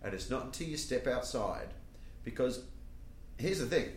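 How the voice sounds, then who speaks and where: An Australian man, a comedian, telling a story in casual podcast chat, swearing freely and getting animated. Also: medium pitch, moderate pace, roomy sound. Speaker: comedian guest.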